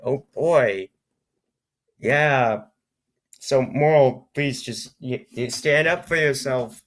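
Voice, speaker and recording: A man's voice: medium pitch, slow pace. A young man hosting a comedy reading, stumbling over odd lines and reacting with disbelief. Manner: incredulous, stumbling over bizarre text. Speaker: YouTuber.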